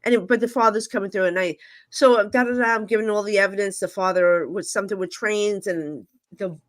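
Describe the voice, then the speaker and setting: A psychic medium appears as a guest in a casual interview, telling stories and acting out the dialogue with quick asides. She has a mid-range voice and a steady tone.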